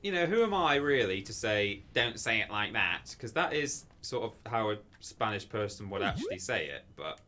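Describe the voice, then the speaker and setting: A young man with a lowish voice chats casually while streaming a game. He rambles, talks himself down and answers his chat aloud. A faint hiss of noise sits under the recording. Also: very animated, normal speed, few pauses, sharp tone. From England. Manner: chatty, rambling, self-deprecating, reads chat aloud.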